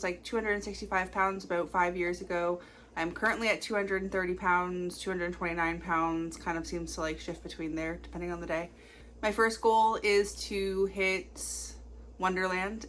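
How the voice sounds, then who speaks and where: A young woman in her twenties talking casually to camera in a confessional vlog, rambling quickly with lots of fillers. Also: lowish voice, a bit bright, slight background noise. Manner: chatty, rambling, fast-talking with many fillers. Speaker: vlogger.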